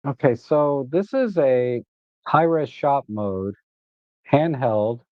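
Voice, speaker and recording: A man with a mid-range voice speaks slowly while hosting a photography livestream, rambling casually through his shots with lots of "uh" and restarted sentences. He grows animated and exasperated when he gripes, laughing along the way, and the sound is dry and narrow like a phone, with no echo.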